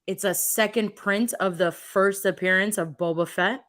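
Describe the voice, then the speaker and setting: A woman's voice: medium pitch, fairly even intonation, moderate pace, fairly bright tone. A woman co-hosting a podcast, telling stories in upbeat, chatty casual talk. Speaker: podcast co-host. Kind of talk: casual chat.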